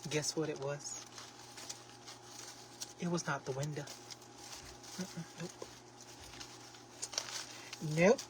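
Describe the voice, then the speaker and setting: A man hosting a casual craft livestream, chatting to viewers in a sassy, expressive way with lots of exclamations. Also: on the high side, extremely slow, pauses often, recorded from a distance. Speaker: livestream host making a craft basket. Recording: steady background noise.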